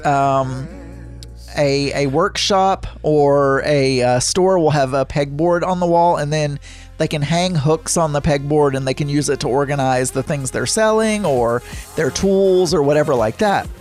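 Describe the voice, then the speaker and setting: A man's voice: on the high side, measured pace, a little mellow, soft background music. Rambling man hosting a chat show. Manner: rambling, frequent restarts and self-corrections. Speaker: podcast host. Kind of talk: casual solo chat.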